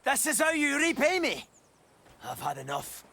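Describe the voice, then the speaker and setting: An actor playing a gruff, grumbling village blacksmith in a video game. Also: male voice, very high-pitched, wildly swooping pitch, normal speed, crowd noise, heavily acted.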